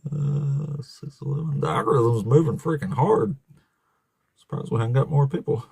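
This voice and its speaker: A man's voice: a little high, lively intonation, moderate pace, creaky, a little mellow, breathy edge, dry recording. A man hosting a livestream debate, mocking and swearing constantly while talking over callers. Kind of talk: profane casual livestream chat.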